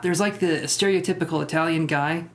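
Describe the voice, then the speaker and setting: His voice is rather high and steady, moving a little fast. He's a young man running a tarot live stream, reading viewer comments in casual, rambling chat full of self-deprecating humor.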